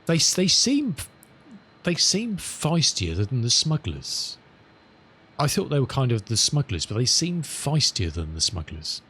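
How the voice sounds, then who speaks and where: Guy, middle-aged, easygoing streamer who rambles to chat, mid-pitched voice, plain everyday tone. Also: huge pitch swings, a bit bright, husky. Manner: chatty, rambling, self-amused, reads radio calls slowly. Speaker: live streamer. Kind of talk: casual chat with viewers while flying.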